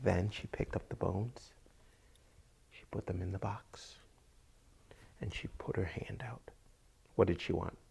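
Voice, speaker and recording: A man's voice: sits low, fairly even intonation, gravelly, dark tone, slightly rough. A man telling a folk tale to listeners, drawing out phrases, repeating words and dropping to whispers. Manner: drawn-out, repetitive, dips into whispers. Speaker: storyteller.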